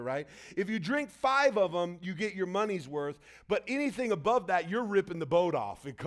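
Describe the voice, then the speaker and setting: A man preaching a casual, story-driven sermon, acting out the people he quotes. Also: sits high. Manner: storytelling, conversational, acts out quotes. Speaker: pastor. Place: church hall.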